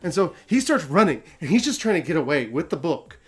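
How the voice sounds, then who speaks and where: A man's voice: fairly high pitch, sing-song, brisk, husky, faint music behind. A man hosting a casual story recap, talking animatedly, laughing often and acting out quotes. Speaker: host.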